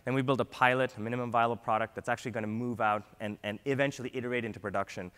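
A man giving an energetic conference keynote, often ending points with a quick "right?". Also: medium pitch, smooth. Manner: energetic, frequent "right?" tags. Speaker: keynote speaker. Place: large conference hall. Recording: long hall reverb.

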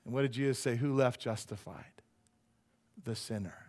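A man, a pastor, preaching a casual, joking sermon in a church and acting out quoted voices with big jumps in pitch. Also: moderate pace, darkish tone. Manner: joking and conversational, teases the audience. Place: church sanctuary.

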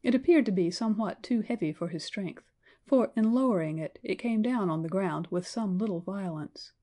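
A woman narrates a classic novel in a measured storytelling manner. Her voice is mellow with a middle pitch. It suits an audiobook reading. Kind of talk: scripted narration.

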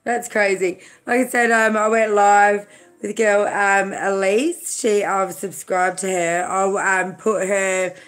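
A woman's voice: medium pitch, steady tone, slow pace, a bit bright. A woman from Australia hosting a casual live-stream chat, chatty, greeting viewers by name with many fillers.

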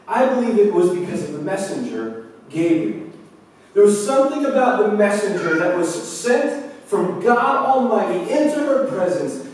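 A man's voice: sits high, a little mellow, slight background noise. A man preaching a sermon in a church, telling the story in a casual way with stammered restarts. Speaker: pastor. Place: church sanctuary. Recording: echoey church hall, mic far off.

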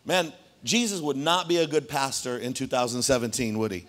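Animated conversational male pastor. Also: medium pitch, moderate pace, hardly any pauses. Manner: conversational, animated, frequent "right?" asides. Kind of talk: sermon. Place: church.

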